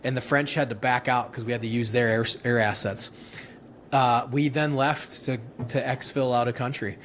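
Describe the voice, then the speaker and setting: A man's voice: mid-range voice, fairly even intonation, moderate pace, a bit bright, slight background noise. Profane ex-Marine man telling war stories. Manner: rambling, profane, laughing retelling with many restarts. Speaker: guest, former Marine infantryman. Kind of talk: casual storytelling interview.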